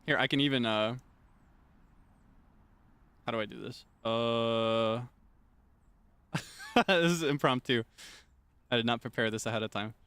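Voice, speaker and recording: A man's voice: mid-range voice, a little slow, long pauses, a bit bright, clear, resonant tone, no echo. A young man streaming, chatting casually and rambling with many fillers and restarts. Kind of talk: casual chat.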